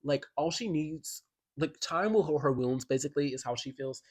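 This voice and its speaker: A man's voice: on the high side, normal speed, husky. A man giving a chatty, enthusiastic album review as a YouTuber, filling his talk with "like". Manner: chatty and enthusiastic, heavy use of "like". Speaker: music commentary YouTuber. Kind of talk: casual album review commentary.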